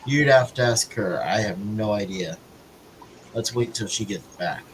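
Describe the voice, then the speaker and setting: A man in casual conversation at home, making brief, unhurried remarks. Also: fairly low pitch, a little hiss or hum, poor audio. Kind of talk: casual chat.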